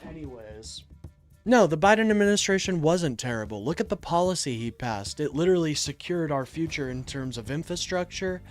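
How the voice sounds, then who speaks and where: An exasperated young man streaming live, reacting to his chat as his voice leaps between loud outbursts and low mutters. His speech sits a little high for a man, and faint music plays behind him. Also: expressive, a little fast. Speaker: political streamer taking chat and calls.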